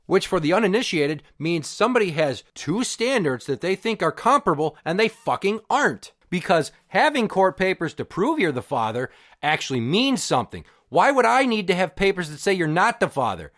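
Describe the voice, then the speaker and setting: A man with a voice pitched a little above the usual for a man hosts a podcast rant. His telling is crude and sarcastic, and the exasperation runs through every line. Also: big pitch swings, a little fast, fairly bright tone. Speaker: podcast host. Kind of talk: profane storytelling rant.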